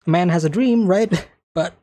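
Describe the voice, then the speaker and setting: A man's voice: sits high, a little slow, mellow. A man hosting an anime reaction, talking casually and thinking aloud as he comments on each scene, often checking in with "right?".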